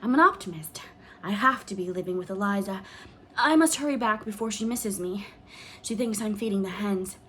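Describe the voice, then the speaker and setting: A woman's voice: mid-range voice, moderate pace, slight background noise, natural voice. A woman reading an audiobook, voicing a plump, cheerful older woman who is a timid optimist. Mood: hopeful. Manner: bright, hopeful.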